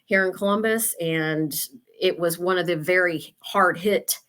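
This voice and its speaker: A woman in her fifties from Ohio talks in a somewhat low voice. She chats freely as an interview guest, telling stories and slipping into quoted asides. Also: measured pace, fairly bright tone. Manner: chatty, storytelling with quoted asides. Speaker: real estate agent guest. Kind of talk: casual interview chat.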